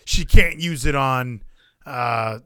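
A man co-hosting a casual podcast chat, excitable and rambling, with frequent swearing and restarts. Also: mid-range voice, slow pace, clean tone, no echo, clean studio sound. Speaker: podcast co-host.

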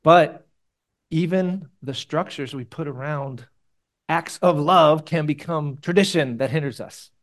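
A man's voice: a little high, a little slow. Man preaching a casual, rambling sermon. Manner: casual, rambling, with sudden emphatic rises. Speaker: pastor. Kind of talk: conversational sermon. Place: church meeting room.

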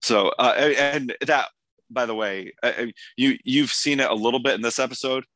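Hoarse male host, eager and chatty, dry studio sound. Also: mid-range voice, normal speed, fairly bright tone, no echo. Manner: enthusiastic, rambling with restarts. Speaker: podcast host. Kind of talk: casual episode discussion.

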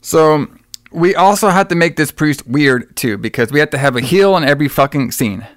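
A man's voice: a little high, animated, normal speed, no room sound, clean studio sound. A man casually recapping a movie on a podcast, rambling, swearing often, laughing and acting out the characters. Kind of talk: casual profane chat.

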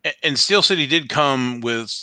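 A man's voice: mid-range voice, expressive, normal speed, sharp tone, dry recording. A man in casual chat, rambling with many fillers and acting out what others said. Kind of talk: casual chat about trading cards.

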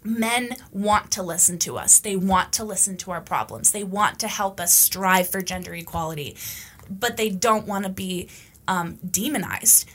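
A woman's voice: medium pitch, a bit bright. A woman hosting a podcast, talking in a casual, opinionated monologue, emphatic and blunt, with the odd swear word. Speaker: podcast host.

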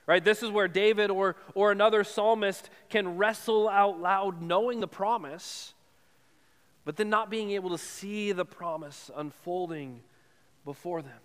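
A man's voice: high-pitched, unhurried, fairly bright tone, clear, resonant tone, in a large hall. A male pastor preaching a sermon in an earnest tone, often checking in with "right?". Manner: earnest, repeatedly asks "right?".

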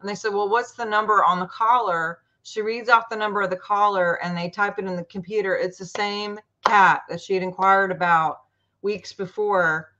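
A woman's voice: medium pitch, normal speed. Chatty woman telling a story, lo-fi. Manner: chatty, animated retelling with quoted voices. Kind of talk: casual storytelling. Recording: muffled lo-fi audio.

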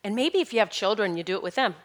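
A woman's voice: medium pitch, sing-song, very fast. A middle-aged woman giving an earnest, encouraging spiritual talk with emphatic, repeated phrases. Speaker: spiritual teacher.

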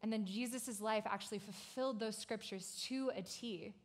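A woman pastor giving a youth sermon in a casual, conversational way, telling the story with animated asides and lots of "like" fillers. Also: mid-range voice, normal speed.

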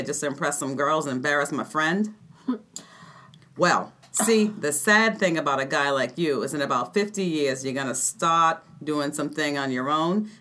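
A woman voicing a cocky young working-class male genius in a put-on Boston accent, delivering a scornful rapid-fire put-down. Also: low-pitched, a bit bright.

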